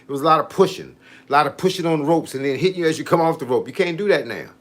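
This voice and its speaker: Racing along in a fairly high pitch, a man in his fifties hosts a casual livestream as a fitness coach. He tells stories with animation and reacts to the viewer comments he reads out.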